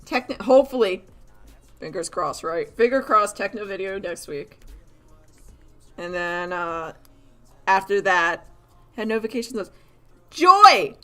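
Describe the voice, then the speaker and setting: A woman with a voice of middling pitch talks through a live drawing stream in a loose, rambling way. She is animated, laughs often and scatters "like" through her sentences. Quiet music plays underneath. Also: unhurried, pauses often. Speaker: artist streamer. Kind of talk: casual chat while drawing on a live stream.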